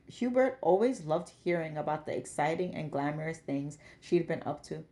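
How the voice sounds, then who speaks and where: A woman hosting a book podcast, reading a novel aloud in a measured, expressive storytelling manner. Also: on the low side. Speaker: book club podcast host.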